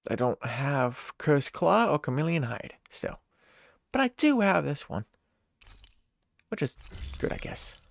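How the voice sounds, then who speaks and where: A game streamer casually talking through a live stream, reading in-game text aloud, thinking out loud and laughing easily. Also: medium pitch, big pitch swings, unhurried, vocal fry, long pauses, no echo.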